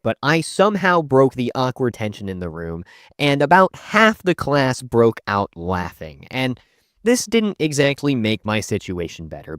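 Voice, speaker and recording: A man's voice: mid-range voice, no room sound, studio quality. A young man narrating a school story in a casual, joking, conversational way. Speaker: storytime YouTuber.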